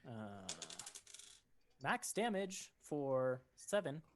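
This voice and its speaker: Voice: mid-range voice, big pitch swings, extremely slow. A chatty, jokey player in a casual tabletop game.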